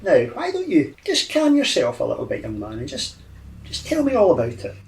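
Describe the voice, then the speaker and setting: A man voicing a vampire who poses as a gentle, stammering old man in a tabletop game. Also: fairly high pitch, huge pitch swings, fairly quick, creaky, far from the mic, heavily acted. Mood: soothing. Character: vampire posing as a doddering kindly old man.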